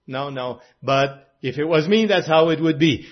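A man from French Canada delivers an informal sermon in a high, slightly husky voice. He talks in a folksy, conversational way and keeps asking his listeners questions. The recording sounds dull and lo-fi. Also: moderate pace, few pauses. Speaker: preacher.

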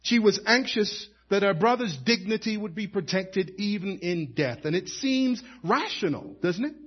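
A man's voice: high-pitched, expressive, normal speed, slightly rough, muffled recording. A man preaching a sermon as pastor, building emphasis and calling to the congregation for an amen.

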